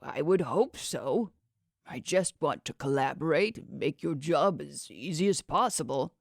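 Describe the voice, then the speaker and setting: A woman voicing a smooth, condescending male schemer who talks others into his plans. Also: low-pitched, lively intonation, unhurried, dry recording, clean studio sound, full character voice. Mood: persuasive. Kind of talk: audiobook character voice.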